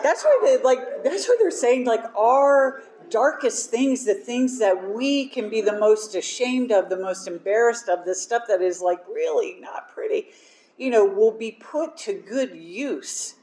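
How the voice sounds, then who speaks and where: A woman's voice: a little high, expressive, a little slow, a little mellow, reverberant, slight background noise. A woman telling a personal recovery story, speaking candidly and mocking herself with frequent laughs. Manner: candid, self-deprecating, laughs often. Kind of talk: personal testimony talk.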